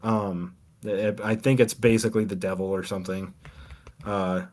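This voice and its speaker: Low-ish and a bit mellow, the man's voice holds a level tone at a moderate pace. As a co-host on a gaming podcast who reviews demos, he talks one through casually but hesitantly, rambling with fillers, ums and frequent restarts.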